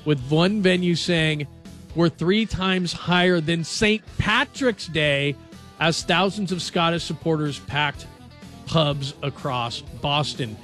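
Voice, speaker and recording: A man hosting a sports radio show, chatting casually and reading headlines in a jokey, animated way. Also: fairly high pitch, takes it slowly, soft background music.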